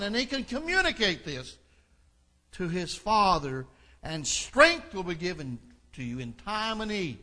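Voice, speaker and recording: Man preaching a sermon, bright and forceful tone, earnest and building. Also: high voice, big pitch swings, unhurried. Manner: reads scripture aloud, then explains it in an earnest, building delivery. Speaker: pastor.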